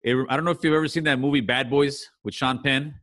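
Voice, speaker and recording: A male host with a bright, tense voice chats casually, backing up his guest and pushing him with probing questions. He swears freely and speaks at a middle pitch. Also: fairly even intonation, fast talker. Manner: profane, affirming, asks probing questions. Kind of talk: casual interview.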